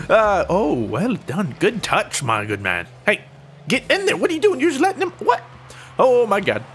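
A young man commentating his own gameplay, excitable and self-mocking, yelping and laughing at the plays. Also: high-pitched, unhurried, a little hiss or hum. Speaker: gaming YouTuber.

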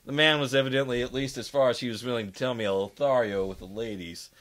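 A man's voice: medium pitch, fairly even intonation, fast, fairly bright tone. A man hosting a podcast interview, loose and joking, swearing freely. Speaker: podcast host. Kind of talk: casual interview chat.

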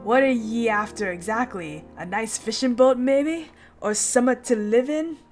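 A woman's voice: on the high side, unhurried, soft background music, lightly acted. A woman voicing a blunt, cheerful male shipwright foreman in a broad Northern English accent, reading game dialogue. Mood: hearty. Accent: Northern English, put on. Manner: broad dialect, rough and hearty.

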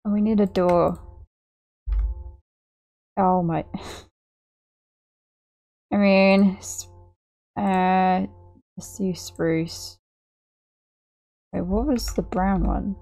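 Slow, self-mocking woman gamer. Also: medium pitch, fairly even intonation, dark tone. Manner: apologetic, self-mocking, laughs at her own work. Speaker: gaming channel host. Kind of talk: gameplay commentary.

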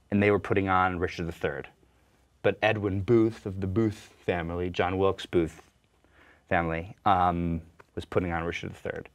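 A young man, an actor, chatting in an interview and telling relaxed, joking stories. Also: deep voice. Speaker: actor and guest. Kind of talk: casual interview chat.

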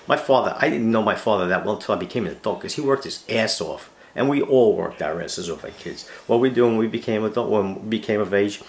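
A man's voice: lowish voice, fast talker, few pauses, roomy sound. A middle-aged man, a retired police officer hosting his fishing channel, ranting emphatically with rhetorical questions and repeated words. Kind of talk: ranting monologue to camera.

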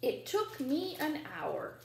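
An eager, hopeful little boy from a picture book, as a woman reads him aloud. He asks earnest, excited questions in a bright, high, lively voice. The room echoes around him with a faint hum behind. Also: takes it slowly, gravelly, heavily acted.

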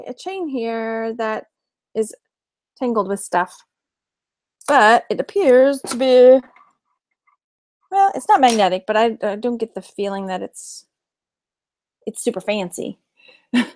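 A woman's voice: a little high, darkish tone, no echo. Giggly chatty Texan woman, close dry mic. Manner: chatty, giggly, reads viewer comments aloud. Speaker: vlog host, reseller. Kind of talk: casual live-stream chat.

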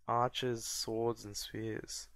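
A man from Australia, casually commentating a strategy game and often breaking into high excited yelps and laughs. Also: drawn-out words, creaky. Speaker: gameplay commentator. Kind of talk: casual let's-play commentary.

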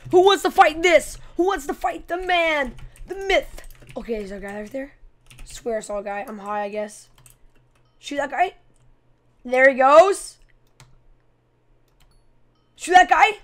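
High-voiced excitable woman gamer. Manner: excitable, chatty, playful trash talk. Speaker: gaming channel host. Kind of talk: gameplay commentary.

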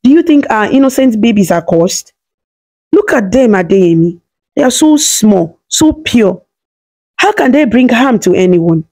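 A woman's voice: fairly high pitch, lively intonation, unhurried, darkish tone. Lady doing a determined young mom, urgent, won't back down. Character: fierce young mother defending her twins.

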